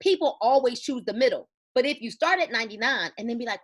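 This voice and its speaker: A woman's voice: a little high, expressive, fast. A woman giving a motivational talk to a sales team, emphatic and preachy, telling stories with quoted dialogue. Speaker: network marketing team leader.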